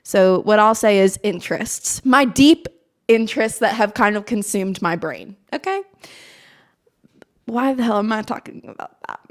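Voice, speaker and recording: A woman's voice: mid-range voice, moderate pace. A woman in her twenties, a college student from Maryland, talking to the camera in a casual, self-mocking chat with a slight put-on Southern twang and frequent laughs. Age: 20s. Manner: chatty and animated, self-mocking, laughs often. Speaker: vlogger. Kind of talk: casual stream-of-consciousness chat.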